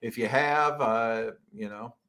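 A man's voice: medium pitch, slow, sharp tone. A man co-hosting a casual podcast, talking loosely and enthusiastically with plenty of fillers and restarts. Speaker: podcast co-host. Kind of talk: casual chat.

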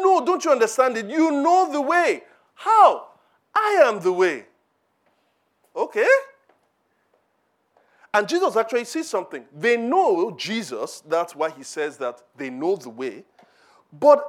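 A man preaching a sermon in church, animated, asking rhetorical questions and acting out quoted voices. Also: sits high. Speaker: pastor.

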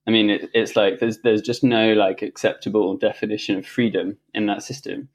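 Guy with a lowish voice telling a story on a podcast, animated, lots of restarts and little laughs. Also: a little fast. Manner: animated and reflective, with frequent restarts, laughs and casual swearing. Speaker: podcast guest. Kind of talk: storytelling in a casual conversation.

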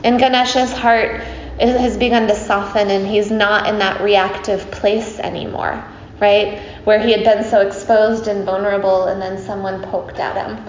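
A woman's voice: medium pitch, flat delivery, normal speed. A woman teacher telling a story to a group in a chatty, playful way, with many fillers and asides to her listeners. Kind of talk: casual spoken storytelling. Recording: roomy, slightly dull recording with faint hiss.

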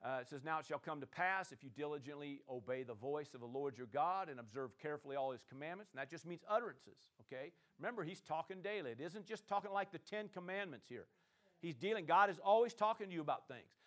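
A man preaching a sermon, calling on the congregation to answer and swinging between loud declarations and quiet asides. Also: a little high, expressive, quick pace. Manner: call-and-response preaching, swings from loud to soft. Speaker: pastor.

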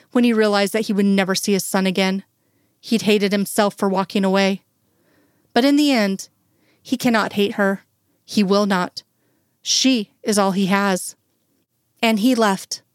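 A woman reads a story aloud in a slow, soft, emotional way. Her voice sits at a middle pitch. The sound is dry and close. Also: no echo. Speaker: reader. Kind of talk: reading fan fiction aloud.

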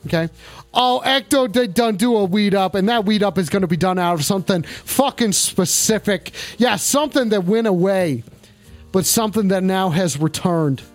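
A man's voice: high voice, moderate pace, no echo, soft background music. A man doing a crude, taunting improvised comedy bit on a stream, rambling and brash. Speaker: streamer playing a talking hot dog.

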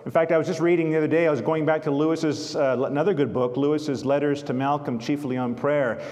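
Male preacher, earnest and literary, fairly high-pitched, echoing through a large church. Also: fairly even intonation, fast talker, darkish tone. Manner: earnest storytelling, literary quotations. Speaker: pastor. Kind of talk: sermon. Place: church sanctuary. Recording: long church reverb.

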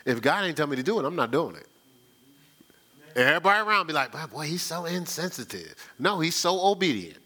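A man's voice: fairly high pitch, lively intonation, fast talker, sharp tone. A man preaching a conversational sermon, telling stories in a folksy, chatty way and often repeating himself. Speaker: pastor. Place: church sanctuary.

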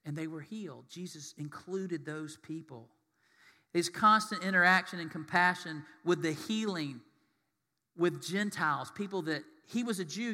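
A man delivers a sermon with a high, bright voice. His words ring out in a long hall reverb. He keeps asking his listeners questions and slips into short acted-out voices. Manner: asks the congregation questions and acts out short quoted voices. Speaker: pastor.

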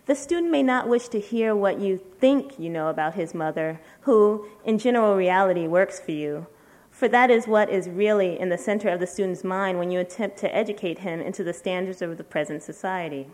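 Reading a letter aloud to an audience at a literary event, this woman writer has a mid-range, slightly mellow voice. She proceeds in a measured way, leaving slow, emphatic pauses.

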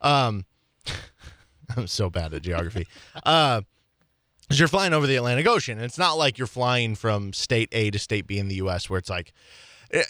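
A man's voice: medium pitch, very animated, normal speed, long pauses, sharp tone, dry recording, clean studio sound. A young man hosting a sports talk radio show, telling stories in a chatty, self-deprecating way with frequent laughs. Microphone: studio microphone.

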